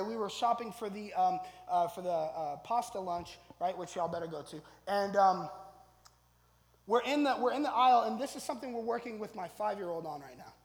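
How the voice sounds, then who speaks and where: Male pastor, very high voice, conversational sermon, builds to loud emphatic bursts, echoey church hall. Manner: conversational, tags lines with "right?", builds to loud emphatic stretches. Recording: echoey hall, long reverb.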